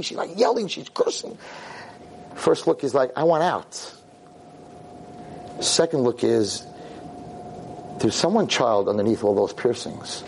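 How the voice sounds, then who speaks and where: A man's voice: darkish tone, a little hiss or hum. A middle-aged man, a rabbi, telling a story to a convention audience, acting out the dialogue and mixing in Yiddish and Hebrew words. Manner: acts out dialogue with big pitch jumps, sprinkles Yiddish and Hebrew words. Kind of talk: animated storytelling talk.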